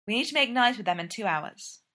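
A wry young smuggler captain in her twenties, read aloud by a woman. She gives orders briskly and lets dry sarcasm slip into her replies, in a storybook telling. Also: on the high side, animated, pushed and bright. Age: 20s.

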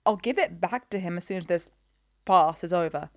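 A woman's voice: fairly low pitch, normal speed, no room sound, clean studio sound, lightly acted. A woman voicing a stern male police inspector who speaks in short, clipped lines.

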